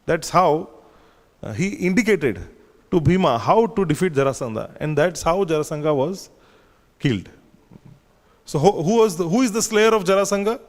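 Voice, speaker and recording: A man leads a scripture class, his voice sitting a little high as he retells old stories. He talks with fillers and restarts. The sound carries a long reverb from a temple hall. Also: lively intonation, moderate pace, pauses often. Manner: storytelling, with frequent fillers and restarts.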